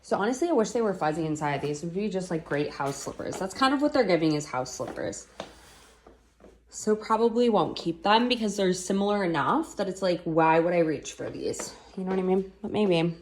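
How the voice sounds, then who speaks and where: A woman with a slightly low voice talks casually to her camera at home. She rambles loosely, with plenty of fillers, and a faint hiss sits under her voice. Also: expressive, a little fast, darkish tone. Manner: chatty, rambling, lots of fillers; baby talk to her pets. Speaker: vlogger. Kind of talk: casual chat.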